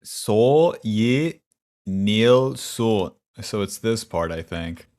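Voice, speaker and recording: Low-voiced, foul-mouthed gaming streamer man. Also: lively intonation, very slow, a little mellow. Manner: profane, wry, grumbling. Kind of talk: casual gaming stream chat.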